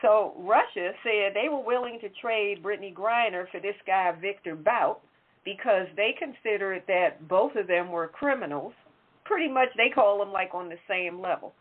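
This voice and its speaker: A woman's voice: medium pitch, normal speed. A woman hosting a talk show, chatting casually and correcting herself as she goes. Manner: conversational, self-correcting. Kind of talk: casual political chat. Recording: tinny phone-like line.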